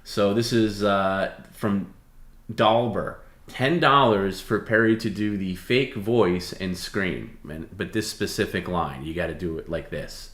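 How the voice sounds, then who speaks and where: A man's voice: deep voice, a little slow, a bit bright, reverberant. Coaxing man reading viewer offers. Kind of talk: live stream banter.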